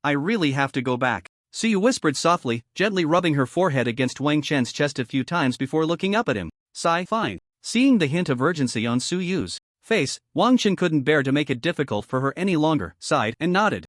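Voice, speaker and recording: A man narrates a story recap from a script, keeping an even storytelling cadence. His voice sits somewhat high and moves a lot in pitch. The recording is close and dry. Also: brisk, few pauses, dry recording.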